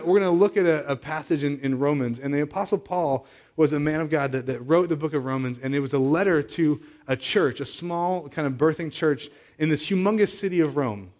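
A man's voice: a little high, a little fast, a little mellow. A man preaching a sermon as a pastor, talking in a conversational way, asking many rhetorical questions and often repeating words as he restarts.

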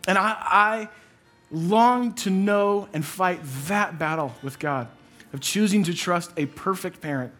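A man's voice: high-pitched, a little slow, fairly bright tone, soft background music. Man preaching a story-driven sermon. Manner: conversational storytelling with repetition. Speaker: pastor.

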